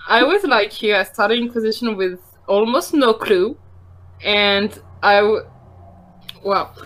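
A woman's voice: mid-range voice, a bit bright. A French woman with a French accent, chatting casually on a podcast, giggling and restarting her sentences. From France. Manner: giggly, self-mocking, halting restarts. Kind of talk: casual chat.

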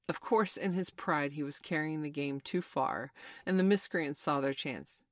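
A woman's voice: deep voice, normal speed, dry recording, studio quality. A woman reading a classic adventure story aloud, narrating with dramatic expression.

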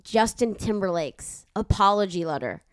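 A young adult woman hosting a podcast in casual chat, animated, profane and rambling into a studio microphone. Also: mid-range voice, moderate pace, clean tone, no echo. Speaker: podcast host.

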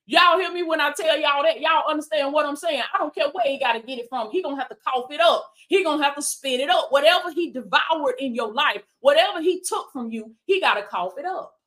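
A woman's voice: sits high, brisk, a bit bright. A woman preaching a motivational sermon on a livestream, calling out to viewers with "come on now" and "baby" and reading out their comments. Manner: reads viewer comments aloud. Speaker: life coach and preacher.

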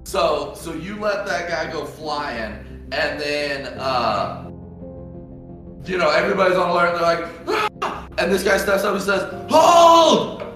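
Excitable game master in a booming room. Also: male voice, unhurried. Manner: loose, profane, excitable narration. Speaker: dungeon master. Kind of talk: narrating a tabletop game. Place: shared room, recorded live. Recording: very echoey room with faint music.

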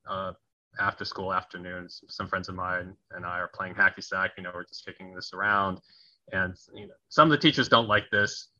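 Guesting on a podcast, an American man who grew up in Wisconsin and moved to Tennessee works as a conflict resolution coach and tells animated stories, mimicking quoted voices and chuckling at himself. His low-pitched voice is very bright and forceful, captured in a dry, muffled recording.

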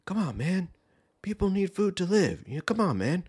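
A man doing an impression of an elderly male politician in a soft, whispery, folksy voice. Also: sits high, very animated, normal speed, breathy edge, voice pushed up, full character voice. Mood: scolding.

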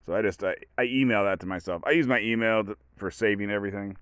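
A man's voice: lowish voice, steady tone, fast, a bit bright, clean tone, no echo. A man hosting a podcast, talking in a casual rambling monologue full of asides and restarts. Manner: rambling, self-interrupting, storytelling asides. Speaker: podcast host.

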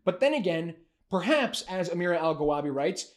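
A man with a notably high voice talks through political news in a casual commentary show. His tone is sarcastic and mocking, and he delivers it with lively energy. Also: a little fast.

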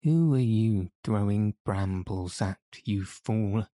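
A man voicing a gruff village police constable who talks bluntly, drops his aitches and keeps accusing. It is a character voice in an audiobook reading. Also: lowish voice, takes it slowly, warm tone, no room sound, studio quality. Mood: indignant.

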